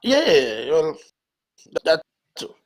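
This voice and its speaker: A man's voice: fairly high pitch, wildly swooping pitch, very slow. A man chatting casually on a podcast, reflective and agreeable. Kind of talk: casual chat.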